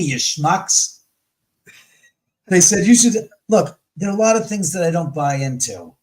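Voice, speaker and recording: A man's voice: on the high side, a little mellow, low-quality recording. A man talking as a guest on a talk show, telling stories in a blunt, profane way and acting out the voices of the people he quotes. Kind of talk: casual storytelling in conversation.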